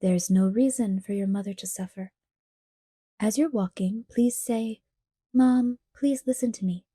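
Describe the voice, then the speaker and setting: Lady reading as a friendly-sounding creepy guy, smooth tenor, quick and calm, dry close sound. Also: mid-range voice, dry recording. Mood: calmly menacing. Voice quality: pleasant generic tenor. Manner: quick, smooth, politely threatening. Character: menacing young-sounding male villain, light and friendly. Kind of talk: audiobook character reading.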